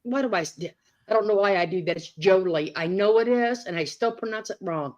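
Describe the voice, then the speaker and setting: A woman's voice: mid-range voice, a little fast, rough recording. A woman hosting a casual livestream, blunt and salty, greeting viewers by name. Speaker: livestream host.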